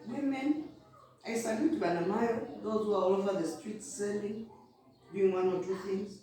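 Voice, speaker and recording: A woman vlogger sits on the floor of an indoor room, giving blunt, casual motivational talk about business and eating between points. Her voice is medium-pitched and dark at a normal speed. The distant mic catches a very echoey room with faint noise.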